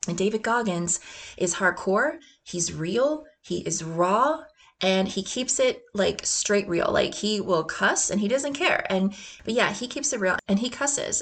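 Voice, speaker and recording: A woman hosting a motivational podcast, talking with energy and laughing often, sometimes dropping into gruff chanted quotes. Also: medium pitch, fairly bright tone. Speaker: podcast host.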